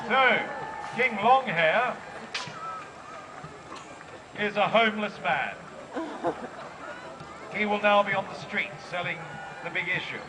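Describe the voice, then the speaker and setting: A man's voice: sits high, slow, pauses often. An Australian man giving jokey live commentary at an outdoor festival, punning and rousing the crowd over a PA. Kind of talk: comic live event commentary. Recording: loud crowd and outdoor noise. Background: cheering crowd.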